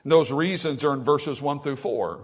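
A man's voice: mid-range voice, moderate pace, breathy edge. A man preaching a sermon, reading scripture and asking the congregation "Amen?" as he goes. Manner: emphatic preaching with call-and-response "Amen?"; swings between loud emphatic quotes and quieter asides. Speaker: pastor.

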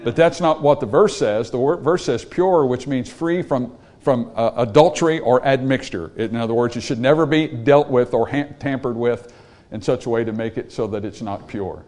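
A man's voice: mid-range voice, moderate pace, darkish tone. A man preaching a sermon from slides, emphatic, repeating words and putting questions to the congregation.

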